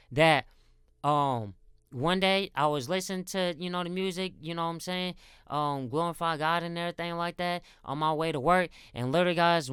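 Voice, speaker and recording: A man's voice: on the high side, bright, forceful tone, smooth, no room sound, studio quality. A man giving a rambling casual faith talk, often repeating words and calling his viewers guys. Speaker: Christian content creator.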